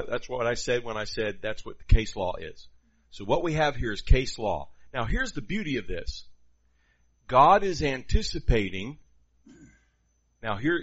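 A man preaching a sermon in an animated, conversational way, with quoted asides to the congregation. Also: mid-range voice, muffled recording.

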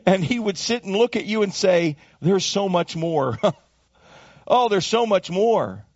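Preaching man with big pitch swings. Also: expressive, measured pace, dry recording, muffled recording. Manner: swinging from high emphatic calls to low hushed asides. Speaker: pastor. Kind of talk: sermon.

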